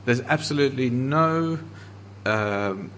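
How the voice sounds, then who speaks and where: An earnest man preaching a sermon as pastor, slowing down to stress the scripture he quotes. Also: medium pitch, expressive, fairly bright tone, a little hiss or hum.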